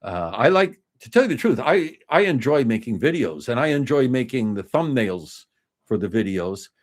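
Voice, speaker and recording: A man's voice: mid-range voice, very animated, normal speed. A man in his fifties hosting a casual home livestream, rambling through restarts and fillers as he talks to his viewers. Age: 50s. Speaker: livestream host. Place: home desk, indoors.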